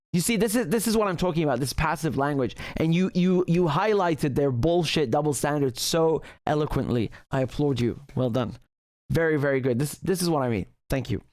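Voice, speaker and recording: A man hosting a casual livestream, reading viewer messages aloud with lively, restarting speech. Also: a little high, no room sound, studio quality. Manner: animated, frequent restarts and laughter. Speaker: livestream host reading super chats.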